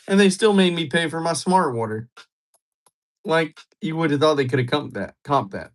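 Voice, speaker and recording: Here a young Georgia-born livestreamer keeps things casual and chatty, trading jokes with his audience. His voice is medium-pitched and moves at a moderate pace.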